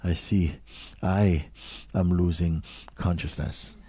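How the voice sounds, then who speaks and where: A man giving a slow, questioning spiritual talk to an audience, sometimes dropping to a near whisper. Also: deep voice, steady tone, dark tone, husky, no room sound. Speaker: spiritual teacher.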